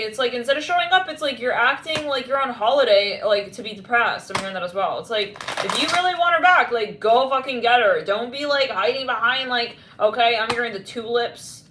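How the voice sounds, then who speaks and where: A woman's voice: medium pitch, a bit bright, echoey room, a little hiss or hum. A woman giving a casual tarot reading, rambling and blunt with lots of fillers. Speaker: tarot reader.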